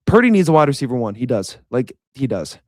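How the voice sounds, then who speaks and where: A man's voice: mid-range voice, very animated, quick pace, dry recording, studio quality. A young man giving a casual, frustrated reaction rant as a sports commentator, repeating himself as he vents.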